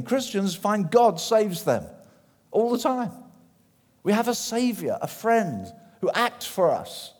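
Male preacher, animated sermon with acted-out quotes, booming into a reverberant hall. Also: slow. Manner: animated, acts out quoted voices, shifts from loud to hushed.

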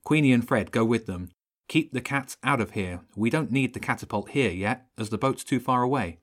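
A man's voice: mid-range voice, normal speed, lightly acted. A man voicing a boy who takes charge and gives orders in a storybook reading. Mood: commanding. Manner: decisive, commanding. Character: boy leader giving orders.

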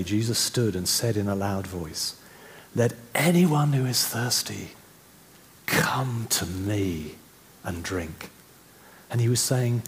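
Deep-voiced male preacher, conversational sermon delivery, faint background noise. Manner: conversational, with restarts, slowing to soft reflective passages.

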